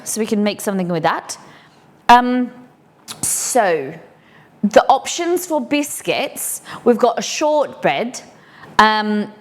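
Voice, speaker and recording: An English woman hosting a casual live cooking stream from her home kitchen, chatty and rambling with cheeky asides. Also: on the high side. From England.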